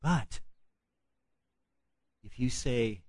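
A man preaching a sermon with emphatic delivery, swinging from loud proclamation down to hushed, almost whispered lines. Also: on the low side, animated, takes it slowly, long pauses, slightly rough, dry recording.

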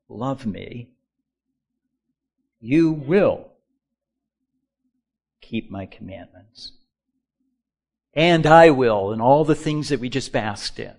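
A man preaching a sermon as pastor, moving between quiet, low musing and loud, slow, emphatic lines, and leading the congregation in call-and-response.

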